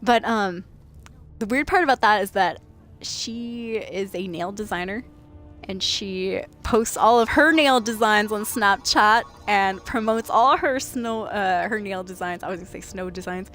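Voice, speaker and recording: A woman's voice: mid-range voice, unhurried, fairly bright tone, faint music behind. A woman from Washington state chatting casually on a late-night gaming stream, laughing and thanking viewers by name. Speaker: game streamer.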